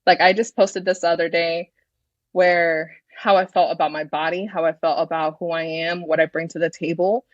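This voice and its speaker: A woman's voice: fairly low pitch, steady tone, normal speed, dry recording, dull audio. A woman in her thirties, a podcast guest, talking in a confident, frank way and swearing freely in casual chat. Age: 30s.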